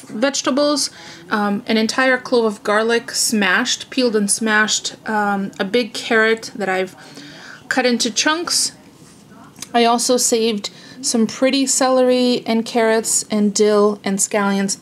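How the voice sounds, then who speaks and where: A woman's voice: fairly high pitch, fairly bright tone, rough recording. A woman vlogging at home, chatting casually and rambling with fillers and little laughs while cooking in her kitchen. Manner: rambling, self-amused, lots of fillers.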